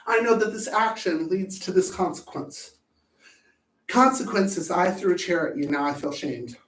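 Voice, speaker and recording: A man hosting a live talk on anger management, blunt and profane, swinging between loud outbursts and low asides. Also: normal speed. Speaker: host. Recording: echoey room, voice far from the mic.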